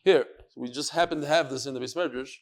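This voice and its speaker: Speaking quickly in a mid-range voice, this rabbi teaches Talmud live in a study hall. He dramatizes quotes, narrates with flair, and addresses his students head-on.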